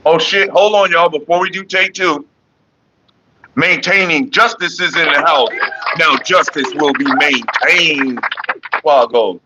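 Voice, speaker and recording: A man's voice: on the high side, measured pace, bright, forceful tone, highs cut off, a little hiss or hum. A man hosting his own casual vlog, rambling and joking loosely with his viewers. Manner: loose, joking, talks to viewers and chat by name. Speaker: vlogger hosting a smoking session.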